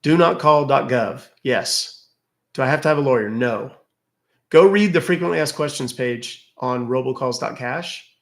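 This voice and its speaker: A man of around fifty hosts a casual livestream, answering questions from the live chat in a wry, chatty manner. His voice is medium-pitched and his pace moderate.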